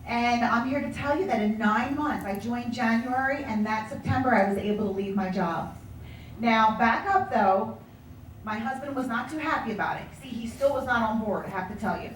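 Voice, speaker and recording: A woman sales director telling her story in a motivational speech, animated and acting out the voices of people she quotes. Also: on the high side, normal speed, slight background noise. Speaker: sales director giving a talk. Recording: echoey room from far off.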